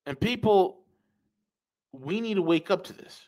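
Here the podcast host speaks in a high, expressive voice with a darkish tone and a measured pace, over poor audio. He's emphatic and opinionated, hammering points through repetition and addressing everyone as "folks."

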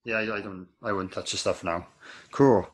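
A man hosting a casual podcast interview, asking relaxed questions and giving short reactions. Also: fairly low pitch, normal speed. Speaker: podcast host.

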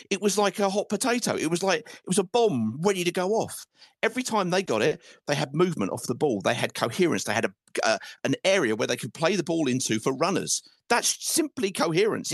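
A man hosting a football fan call-in, ranting in frustration with swearing and halting restarts. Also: a little high, gravelly, no echo, clean studio sound. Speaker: host of a fan phone-in. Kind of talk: casual football fan rant.

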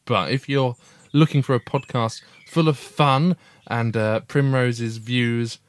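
A man's voice: mid-range voice, fairly even intonation, slow. A man co-hosting a casual family podcast with his young daughter, playful and teasing, with frequent "uh"s and restarts.

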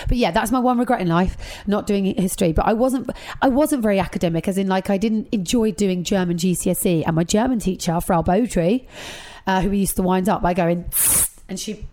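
A woman, a guest chatting casually and telling lively stories with quick asides. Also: medium pitch. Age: 30s. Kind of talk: casual chat.

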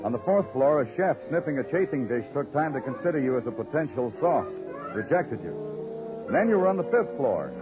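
A man's voice: medium pitch, big pitch swings, normal speed, phone-quality sound, lightly acted. A man playing a dry, sardonic detective. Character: weary wisecracking male police detective. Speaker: narrator. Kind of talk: 1950s radio drama narration. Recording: old radio recording with music.

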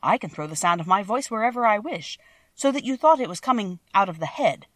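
A woman's voice: medium pitch, expressive, fairly quick, fairly bright tone, no room sound, pitched above the performer's own voice. A woman voicing a timid little male wizard who is a humbug, speaking meekly in a trembling voice. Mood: sorrowful. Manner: trembling, meek, pleading.

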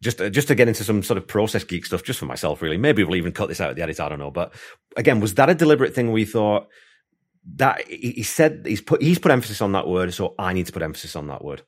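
A man's voice: fairly low pitch, very animated, fast talker. A man hosting an interview, chatty and enthusiastic, rambling through his thoughts with restarts. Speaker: podcast host. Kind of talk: casual interview chat.

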